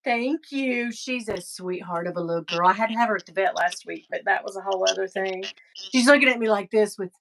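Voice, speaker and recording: A woman's voice: mid-range voice, brisk, creaky, background noise. A woman hosting a live stream, chatting effusively and thanking her viewers. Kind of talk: casual live-stream chat.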